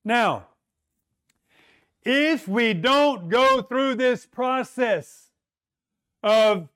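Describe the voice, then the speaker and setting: A man preaching a sermon, slow and emphatic, asking rhetorical questions and leaning on dramatic pauses. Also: extremely high pitch, fairly bright tone, smooth.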